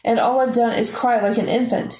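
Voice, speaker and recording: A woman's voice: fairly high pitch, fairly even intonation, brisk, a little mellow, echoey room, close to an everyday voice, low-quality recording. A woman voicing a tearful, upset teenage girl who talks emotionally. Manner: weepy, emotional.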